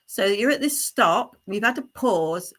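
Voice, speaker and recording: Bright-voiced woman giving a halting psychic reading. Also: medium pitch, lively intonation. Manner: halting, stream-of-consciousness delivery with many fillers and restarts; addresses the sitter directly, checking in with tag questions. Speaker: psychic medium.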